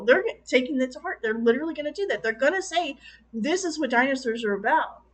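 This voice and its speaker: Exasperated high-voiced woman reviewing a movie. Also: poor audio. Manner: exasperated, animated, quoting her own reactions with sudden swings. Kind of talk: casual review rant.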